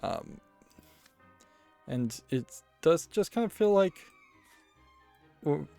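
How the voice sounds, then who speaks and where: Man, let's play commentary, mellow dark voice, rambling, self-correcting, thinking aloud, faint music behind. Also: fairly high pitch, sing-song, very slow, gravelly, no echo. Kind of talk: casual commentary while playing a card game.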